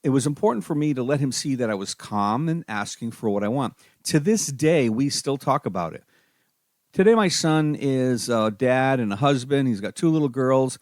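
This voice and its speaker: A middle-aged man hosting a parenting podcast, telling a personal story and giving advice in a calm, steady manner. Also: mid-range voice, dry recording, studio quality. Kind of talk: solo podcast talk.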